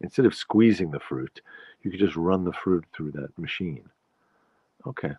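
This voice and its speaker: A man's voice: deep voice, normal speed, husky, no echo. A man from the Bronx, hosting a rambling, playful solo monologue full of digressions. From the Bronx, New York. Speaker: podcast host. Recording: dull lo-fi recording, dry.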